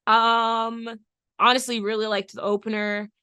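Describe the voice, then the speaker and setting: A woman's voice: a little high, level tone, measured pace, bright, forceful tone, clean tone, no room sound. A woman co-hosting a music podcast, chatting casually and enthusiastically about albums, swearing freely and backing her partner with mm-hmms. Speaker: podcast co-host. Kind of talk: casual music review chat.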